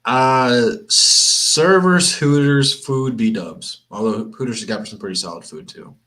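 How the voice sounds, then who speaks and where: A man's voice: on the low side, animated, a little slow. A young man from Michigan hosting a live sports watch-party stream, chatting casually and rambling with plenty of restarts. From Flint, Michigan. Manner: rambling, chatty, laid-back, repeats himself. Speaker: sports livestream host.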